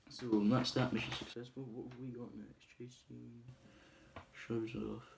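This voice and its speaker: A man's voice: medium pitch, little pitch movement, a little slow, creaky, a little hiss or hum. A man casually retelling a film plot, hesitating often with ums and uhs. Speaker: movie reviewer.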